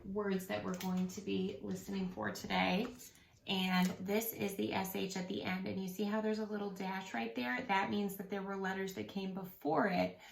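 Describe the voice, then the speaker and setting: A woman's voice: medium pitch, creaky, echoey room. A woman teaching a phonics lesson to young children, patiently stretching out each word. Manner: slow, patient, drawn-out sounding of words.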